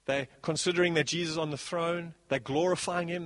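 A man preaching a sermon as pastor, animated, swinging between soft passages and loud bursts. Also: fairly high pitch, fast, hardly any pauses, dry recording.

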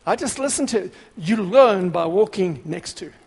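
High-voiced man preaching in a reverberant hall. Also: moderate pace, breathy edge. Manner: emphatic, repetitive exhortation; grows louder and more excited. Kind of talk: sermon.

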